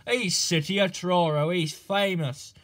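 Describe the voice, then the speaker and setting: A shy, modest little engine who speaks politely and earnestly, as a man puts him on. His voice is fairly high for a man, slow and lively in pitch. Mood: cross. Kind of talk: storybook character voice.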